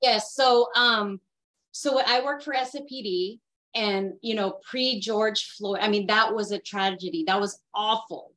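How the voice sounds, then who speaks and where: Earnest, halting woman on a call. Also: mid-range voice, fairly even intonation, fairly bright tone, rough recording. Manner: halting, many restarts and fillers, earnest. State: getting emotional. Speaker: workshop participant. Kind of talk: casual group discussion.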